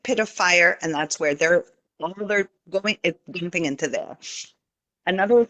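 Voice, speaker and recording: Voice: medium pitch, a bit bright. A podcast guest explaining spiritual ideas earnestly in a casual chat, walking the listener through visualizations.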